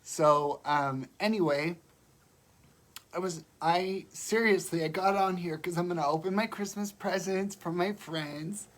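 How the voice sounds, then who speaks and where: A woman's voice: on the low side, a little slow. A woman with a cold on a casual livestream from home, sounding congested and fighting back tears as she talks. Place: home, indoors. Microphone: phone or webcam on a live video.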